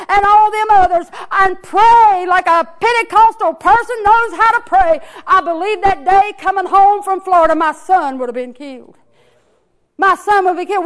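Lady preacher, real high voice, hollers then drops down almost to a whisper, pentecostal church sermon. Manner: preaching that swings from hollering to a hushed near-whisper. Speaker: pastor. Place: church sanctuary.

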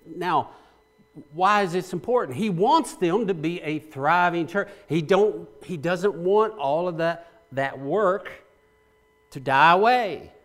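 A man's voice: sits high, slow pace, fairly bright tone. A male pastor preaching a sermon to his congregation, asking them questions and repeating phrases for emphasis, often restarting mid-sentence.

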